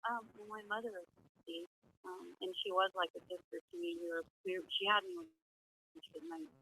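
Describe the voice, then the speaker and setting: A woman calling in to a radio show, answering quietly and hesitantly. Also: mid-range voice, very animated, fast, breathy edge, rough recording. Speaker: caller.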